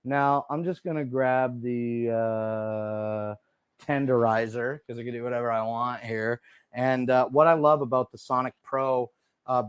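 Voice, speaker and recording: A man with a mid-range voice hosts a casual shopping livestream from a desk in a small room, showing off products. He's chatty, full of fillers, and calls his viewers dude and bro. A desk microphone picks him up with no room sound.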